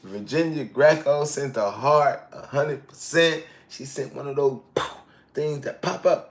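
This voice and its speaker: A man in his sixties, speaking in an unhurried voice on the high side, chats casually on a live stream, reads viewer comments aloud, and laughs often. He's outdoors in hot weather in Thailand.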